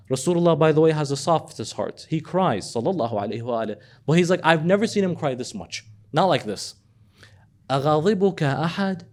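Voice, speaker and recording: A man giving a sermon, swinging between loud emphatic questions and hushed storytelling. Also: fairly high pitch, expressive, normal speed. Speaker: speaker at a religious gathering.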